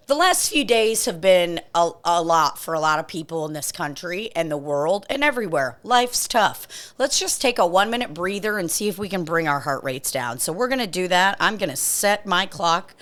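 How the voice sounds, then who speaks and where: A woman's voice: mid-range voice, animated, normal speed, few pauses, a bit bright. A woman co-hosting a podcast in casual comedic chat, joking and laughing often. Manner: joking, laughs often, leads a mock breathing exercise. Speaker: podcast co-host.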